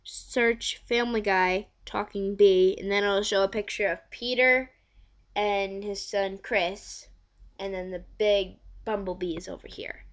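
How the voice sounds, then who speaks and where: A woman's voice: medium pitch, steady tone, measured pace. A woman chatting casually to camera, rambling with many fillers and repeated words. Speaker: vlogger. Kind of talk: casual home video chat.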